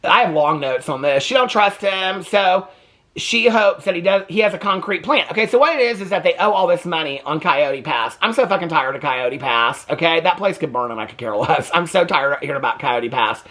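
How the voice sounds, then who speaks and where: A gossipy man recaps reality TV in a casual, profane way, full of sass. His pitch swings widely as he talks. There is a husky, slightly breathy texture to his voice. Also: fairly quick. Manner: animated. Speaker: host.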